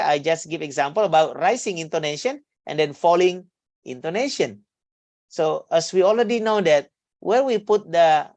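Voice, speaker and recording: Slow, low-voiced Indonesian woman teaching. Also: no room sound. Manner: slow, halting, many fillers and restarts. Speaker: English lecturer. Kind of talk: online class teaching.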